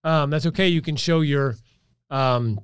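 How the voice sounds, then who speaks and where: A man's voice: a little high, measured pace, clean tone, no echo, studio quality. A middle-aged man, a gym owner, telling a story in casual chat and acting out the dialogue. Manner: animated storyteller, acts out dialogue.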